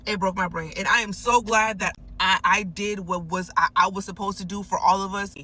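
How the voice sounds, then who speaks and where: A young adult woman sitting in a parked car, telling a personal story in a casual, animated and emphatic way, swearing freely. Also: mid-range voice, moderate pace.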